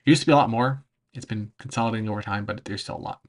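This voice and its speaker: A man chatting casually on a livestream, answering chat, rambling and often pausing to search for words, with frequent laughs. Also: lowish voice. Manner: laughs between phrases. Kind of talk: casual livestream chat over travel footage.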